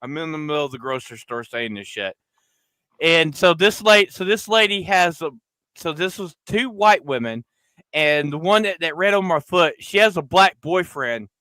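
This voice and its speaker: A man hosting a podcast, telling a crude story loudly and acting out the other people in it. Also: on the high side, moderate pace, dry recording. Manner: loud, crude, animated storyteller, acting out quoted voices. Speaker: podcast host. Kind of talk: casual storytelling chat.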